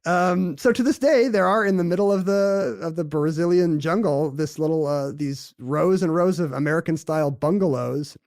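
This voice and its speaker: A man co-hosting a conversational podcast and telling a story with playful asides. His voice sits somewhat high for a man. The sound is dry and close, with no room echo. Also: normal speed, few pauses. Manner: jokey, storytelling, lively asides. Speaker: podcast co-host. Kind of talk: casual conversational podcast chat.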